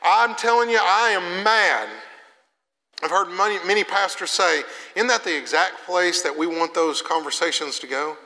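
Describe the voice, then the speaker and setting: Casual young male preacher, high bright voice, echoing hall. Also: normal speed, hardly any pauses. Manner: conversational preaching, swings from loud to soft. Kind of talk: sermon. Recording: long reverb of a hall.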